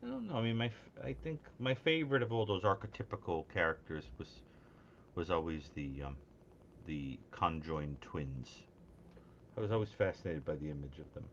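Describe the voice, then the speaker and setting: A man co-hosting a casual call-in show, an animated, self-mocking storyteller on a remote mic. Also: deep voice, moderate pace. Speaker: co-host. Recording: dull lo-fi call audio, faint noise.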